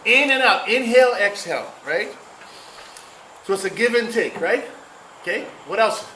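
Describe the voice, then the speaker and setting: A man's voice: sits high, animated, normal speed, bright, forceful tone. A man giving a playful cultural talk, drawing the audience into call-and-response. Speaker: cultural speaker. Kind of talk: interactive public talk. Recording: echoey room, noisy ambience.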